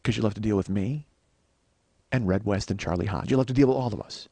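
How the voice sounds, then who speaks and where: A man's voice: lowish voice, fast talker, mellow, dry recording, voice pushed down. A man doing a swaggering rock-star tough guy. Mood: boastful. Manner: boastful, profane trash talk.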